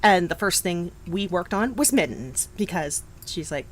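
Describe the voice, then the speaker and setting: A woman's voice: on the low side, very animated, moderate pace, a little hiss or hum, rough recording. A middle-aged woman hosting a live knitting stream, chatting casually, reacting to viewers and laughing often. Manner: chatty, reacts to chat, frequent restarts and laughs.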